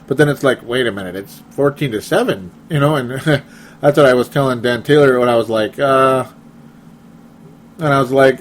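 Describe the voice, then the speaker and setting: A man's voice: medium pitch, normal speed, slight background noise. A young man hosting a casual sports talk show, rambling and laughing often as he reads listener comments. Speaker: podcast host.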